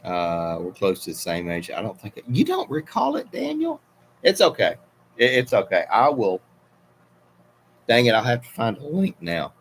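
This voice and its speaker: A man's voice: low-pitched, animated, moderate pace, slight background noise. A middle-aged man hosting a casual livestream, rambling through viewer comments and wandering off on tangents as he talks. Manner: rambling, meandering, self-interrupting. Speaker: livestream host. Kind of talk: casual live chat reading viewer comments.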